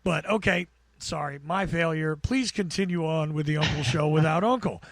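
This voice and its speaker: An American man with a gravelly, buzzing voice, chatting casually as a podcast guest and rambling with stammered restarts. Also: on the high side, normal speed, dry recording. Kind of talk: casual chat.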